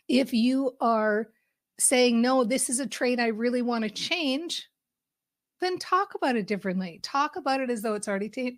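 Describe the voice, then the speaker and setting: A woman's voice: fairly high pitch, no room sound. Upbeat emphatic woman coach, dry sound. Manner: upbeat, emphatic, acts out enthusiastic self-talk. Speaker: mindset coach. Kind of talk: motivational talk.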